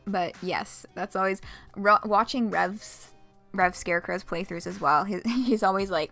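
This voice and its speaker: A chatty woman streamer talking through a game she reads aloud, laughing often and swearing freely. Her voice carries a steady gravelly fry. Faint music plays underneath. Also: mid-range voice, a little slow. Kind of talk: casual let's-play commentary, reading a game aloud.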